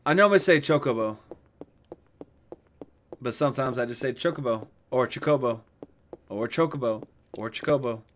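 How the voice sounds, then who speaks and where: A man streaming a game, giving casual let's-play commentary in an excitable, joking, rambling way. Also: mid-range voice, normal speed, pauses often, a little hiss or hum.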